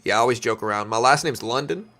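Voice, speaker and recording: A man's voice: medium pitch, fast talker, sharp tone. Chatty man with a light South Louisiana accent. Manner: chatty, answers viewer chat while calling market moves. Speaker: live-stream trading host. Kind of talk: casual live-stream commentary.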